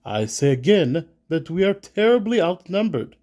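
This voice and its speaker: A man's voice: on the high side, very animated, slow, mellow, slightly rough, voice pushed up, full character voice. A man doing a pompous, blustering warrior companion. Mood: protesting. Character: proud cautious male warrior companion.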